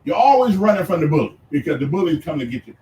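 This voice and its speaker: A man argues on air with animated, rising and falling pitch, halting and repeating words as he presses his guest. He sits back from the mic in an echoey room. A faint hum of ambience sits underneath. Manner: animated, halting and repetitive, challenging. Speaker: radio host. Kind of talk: radio debate. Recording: roomy distant sound with faint ambience.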